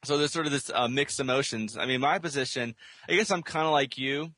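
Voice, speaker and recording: A man's voice: mid-range voice, fairly quick, sharp tone, dry recording. A man co-hosting a podcast in casual chat, rambling with many restarts and fillers. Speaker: podcast co-host.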